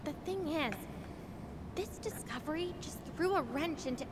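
A woman's voice: expressive, normal speed. An actress voicing an earnest, troubled young woman fighter from a resistance group in a video game. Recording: game audio with rumble under it.

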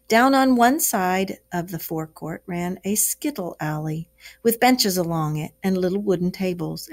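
A woman's voice: fairly low pitch, darkish tone. Woman teacher reading aloud to children. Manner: explains words to children as she reads. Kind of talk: classroom read-aloud.

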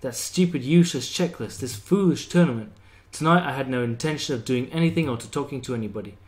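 A man's voice: mid-range voice, fast. A young man steadily reading a visual novel aloud as a first-person narrator for his channel. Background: faint guitar music.

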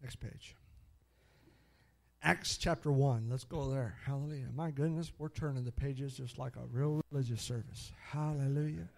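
A man's voice: mid-range voice, normal speed, creaky. A middle-aged man preaching, telling stories with frequent hallelujahs and laughter. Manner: animated, exclaims hallelujah often, laughs at own stories. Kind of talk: sermon storytelling.

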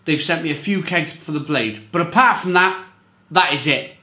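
A man talks through a beer review in a loose, rambling way, circling back and repeating phrases to drive his points home. His voice sits a little high. The room around him rings with a noticeable echo. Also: moderate pace, sharp tone. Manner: rambling, repeats himself, emphatic. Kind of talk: casual review monologue.

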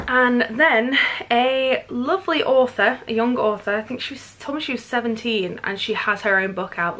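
A woman's voice: mid-range voice, a bit bright. A woman in her twenties chatting enthusiastically about books she bought, gushing and chatty. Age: 20s. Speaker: book vlogger. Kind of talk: casual book haul vlog.

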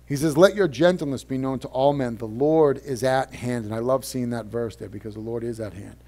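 A middle-aged man preaching a sermon while sick, talking casually and then rising to loud, emphatic stretches. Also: mid-range voice, a little fast. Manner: conversational preaching, swings from quiet to loud and emphatic. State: sick with a cold. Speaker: pastor.

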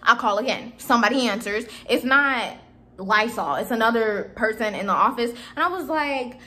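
A young woman in her twenties casually retelling a story to her viewers, animated and exasperated, acting out the dialogue. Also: a little high, moderate pace. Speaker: vlogger telling a storytime.

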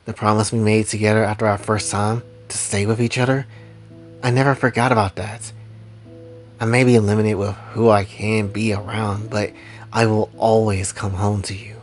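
A man reads the part of a tender young husband, speaking softly and earnestly with a low, quiet, reassuring voice that's close to an everyday register. Music plays faintly beneath him.

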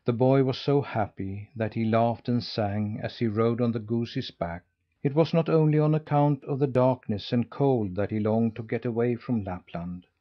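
A man narrating a classic children's novel in a measured, steady reading. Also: medium pitch, lo-fi sound. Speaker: audiobook narrator. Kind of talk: scripted storybook narration.

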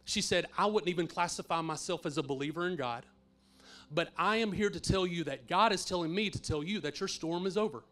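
A middle-aged pastor telling a personal faith story in a sermon, earnest and swinging from hushed to emphatic. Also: male voice, sits high, brisk, a little hiss or hum.

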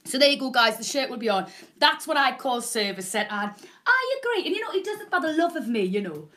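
Loud, bubbly woman presenter. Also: sits high, big pitch swings, fairly quick. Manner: loud, bubbly, greets viewers by name. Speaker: shopping channel presenter. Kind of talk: live selling stream, chatty. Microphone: proper microphone.

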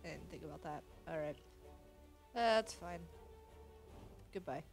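A woman gives unhurried, casual commentary on her own gameplay. Her pitch swings up and down a lot as she mutters to herself, and she swears whenever a move goes badly. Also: animated, soft background music. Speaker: gaming channel host.

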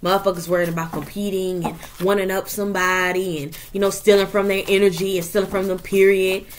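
A woman's voice: mid-range voice, fast. Profane, emphatic woman reading tarot. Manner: animated, profane, emphatic with frequent "okay?" and "period". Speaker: tarot reader. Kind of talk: casual tarot reading to viewers.

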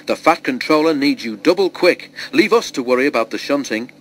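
A man voicing a brisk, fussy male station master who gives urgent orders. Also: medium pitch, animated, slight background noise, pitched above the performer's own voice, close to an everyday voice.

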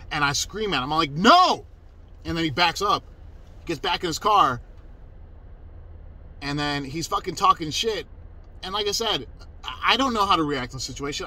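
A man's voice: on the high side, pushed and bright, poor audio. A man telling a personal story in a casual, emphatic way, cursing freely and restarting his sentences. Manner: profane, emphatic, self-interrupting.

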